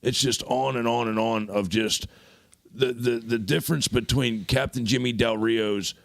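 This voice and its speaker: A man co-hosting a casual podcast, an animated storyteller who acts out the lines he quotes. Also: mid-range voice, moderate pace, creaky, no echo. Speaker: podcast co-host. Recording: dry studio mic.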